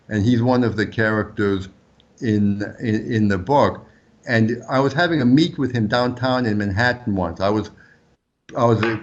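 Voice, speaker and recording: A man whose first language is French, a former undercover agent telling lively anecdotes as an interview guest. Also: muffled recording. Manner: animated anecdotes, pitch jumps up when quoting. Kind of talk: storytelling interview answers.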